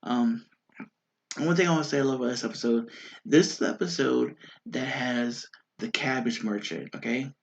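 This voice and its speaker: A man talks through a show review in a loose, excited way, trailing off and restarting his thoughts often. His voice sits at a medium pitch. The recording sounds a bit dull and lo-fi. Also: moderate pace, creaky, slight background noise. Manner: rambling and chatty, with many fillers and restarts; excited and enthusiastic. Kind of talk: casual spoken review.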